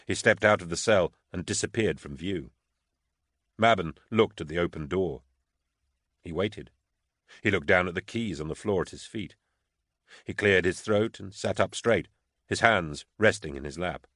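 A man narrating an audiobook in a measured, steady way. His voice is deep and low. The recording is close and completely dry. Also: dry recording. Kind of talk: scripted narration.

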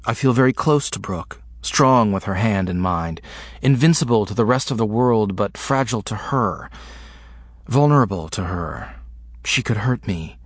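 A man narrates a first-person audiobook in short, broken phrases with an intimate hush. His voice is husky and sits a little low. The recording is close and dry, with no room around it. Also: expressive, dry recording. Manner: halting, fragmented, intimate delivery.

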